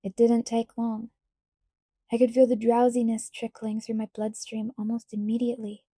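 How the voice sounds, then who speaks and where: Woman reading a novel aloud, quiet and even, pretty monotone, dry close sound. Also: on the high side, moderate pace, no room sound. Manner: quiet, even first-person narration. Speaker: audiobook reader. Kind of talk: novel read-aloud narration.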